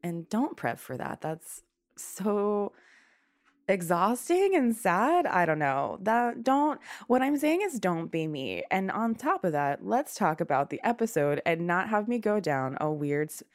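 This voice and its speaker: A woman's voice: medium pitch, big pitch swings, measured pace, dry recording, clean studio sound. A young woman with a stuffy nose hosting a podcast, chatting candidly and rambling, a little winded. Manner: candid, rambling, swears freely. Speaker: podcast host. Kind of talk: casual chat.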